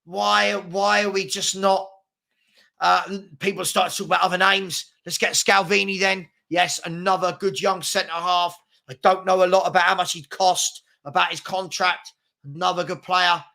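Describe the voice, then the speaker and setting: Man, live stream host, bright high voice, gravelly, chatty and excitable. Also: normal speed. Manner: chatty, excitable, many fillers. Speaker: livestream host reading chat. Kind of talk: casual live stream chat.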